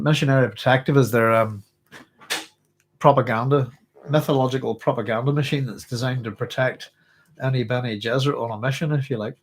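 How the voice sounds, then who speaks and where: A middle-aged man with a Northern Irish accent talks through a book in a loose, casual way. He wanders, restarts his sentences and chuckles to himself as he goes, speaking at an ordinary pitch. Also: slightly rough. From Northern Ireland. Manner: rambling, self-interrupting, chuckles often. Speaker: book club host.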